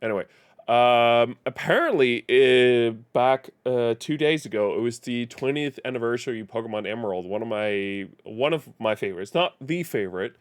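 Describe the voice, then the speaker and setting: A man's voice: medium pitch, moderate pace, smooth, no echo. A man streaming live, chatting casually and rambling, often correcting himself and chuckling. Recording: faint music behind.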